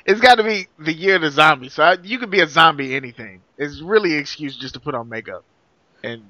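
A man's voice: fairly high pitch, fast talker, no room sound, dull audio. A man from Missouri, a podcast co-host, telling profane stories in a casual chat. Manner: animated profane storytelling.

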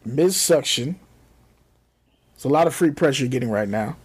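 A man in his thirties co-hosting a casual, crude podcast chat, animated and joking. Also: medium pitch, slightly rough. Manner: animated, joking, quick rises into laughter. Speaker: podcast co-host.

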